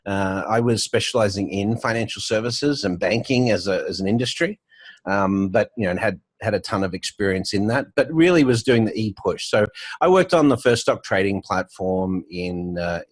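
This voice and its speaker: A middle-aged man with a softened Australian accent, telling stories as an interview guest, full of fillers and restarts. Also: lowish voice, lively intonation, normal speed, dry recording. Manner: storytelling, with frequent fillers and restarts. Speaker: guest, banking entrepreneur. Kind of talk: casual conversational interview. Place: home office with artwork on the wall.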